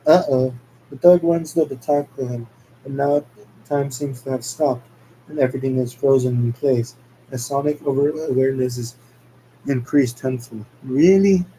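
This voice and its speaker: A man reading a movie script aloud as narration, halting and stumbling over words as he goes. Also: medium pitch, fairly even intonation, warm tone, a little hiss or hum, poor audio. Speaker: script reader. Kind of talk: amateur script read-aloud.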